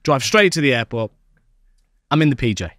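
A man's voice: normal speed, dry recording, clean studio sound. A young man, co-host of a podcast, spins a playful, comic made-up story in casual chat. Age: young adult. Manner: playful storytelling, lively swings in pitch.

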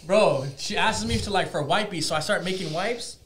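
A man with a fairly high voice telling a crude anecdote in loose casual chat. He swears constantly and acts out every quote, his voice leaping up and down. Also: brisk, few pauses. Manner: profane, animated, acts out quotes. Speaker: podcast guest. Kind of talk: casual storytelling.

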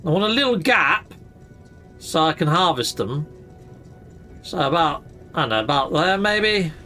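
Animated gaming host. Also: male voice, a little high, unhurried, faint music behind. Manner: chatty, exclamatory, minced swearing. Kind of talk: casual gameplay commentary.

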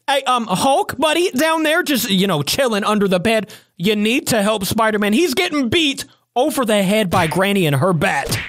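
A gaming reaction host who exclaims excitedly at the action on screen. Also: medium pitch, moderate pace, soft background music. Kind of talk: reaction video commentary.

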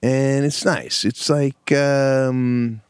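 A man's voice: mid-range voice, fairly even intonation, drawn-out words, clean tone, no echo, studio quality. A man co-hosting a podcast, talking in an easygoing, reflective, casual way with some swearing. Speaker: podcast co-host. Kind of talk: casual chat.

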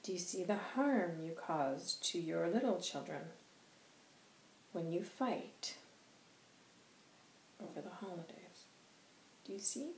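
A woman voicing a wise, solemn male spirit guide who speaks softly and slowly, like a sermon. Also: on the low side, expressive, roomy sound, a little hiss or hum, poor audio. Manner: soft, slow, preaching.

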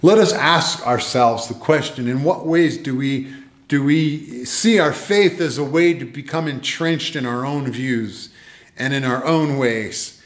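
A man's voice: medium pitch, roomy sound. A man preaching in a church, speaking earnestly and steadily, often repeating his phrases to drive a point home. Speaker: pastor. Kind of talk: sermon. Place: church sanctuary.

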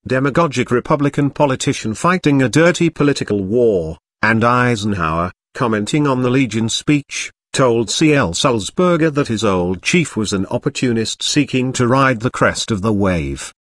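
A man reading a history audiobook aloud in a measured, even narration. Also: mid-range voice, no echo, clean studio sound.

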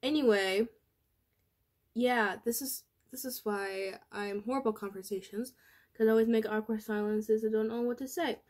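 A woman's voice: a little high, steady tone, moderate pace, darkish tone. A teenage girl rambling in a casual vlog, full of fillers and restarts, her voice worn from being sick. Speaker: vlogger.

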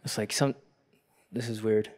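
A man's voice: steady tone, unhurried, darkish tone. A man, a Catholic priest, giving a workshop talk at a youth conference, telling a personal story in a reflective, earnest way and growing fervent as he preaches. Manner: rises to a fervent pitch when preaching.

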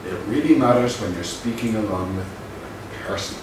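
A male lecturer giving a university lecture, measured and explanatory, stressing his key points. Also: on the low side. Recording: very echoey room from a distant mic with faint noise.

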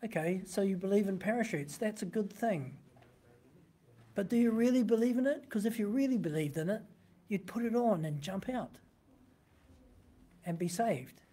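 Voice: medium pitch, lively intonation, moderate pace, long pauses, mellow. A pastor giving a sermon, teaching conversationally from a printed text and often asking the listeners rhetorical questions.

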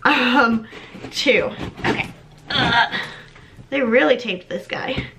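A young woman recording a casual unboxing vlog, excitable and chatty, with lots of ums and little gasps. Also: on the high side, slow, vocal fry, very noisy. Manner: bubbly and excitable, many ums. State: slightly out of breath. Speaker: vlogger.

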